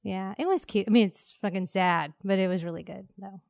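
A woman's voice: medium pitch, brisk, creaky, a little mellow, dry recording, studio quality. A woman from Texas co-hosting a casual movie chat, rambling with lots of restarts. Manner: rambling, many fillers and restarts, laughs often. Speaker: podcast co-host.

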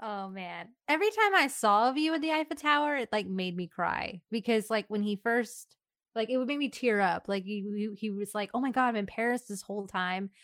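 A woman's voice: medium pitch, lively intonation, a bit bright, no echo, clean studio sound. A woman co-hosting a casual podcast chat, giggly and emotional as she talks. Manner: giggly, emotional, quick to laugh. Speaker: podcast co-host.

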